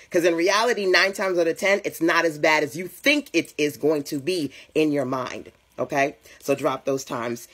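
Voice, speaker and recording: A woman's voice: low voice, husky. A woman business coach giving a chatty motivational talk on a live stream, greeting viewers and speaking to them directly.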